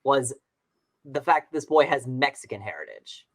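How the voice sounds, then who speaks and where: A man from Long Island co-hosting a podcast, reacting excitably and emphatically in casual chat. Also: medium pitch, normal speed. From Long Island, New York. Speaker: podcast co-host.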